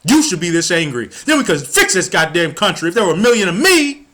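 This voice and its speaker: A man from the United States delivers an angry political rant, cursing and stumbling over his words as he gets heated. His voice sits high and sounds bright and tense. His pitch swings widely from line to line. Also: big pitch swings, fast. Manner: stumbles and restarts when worked up. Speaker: political commentator.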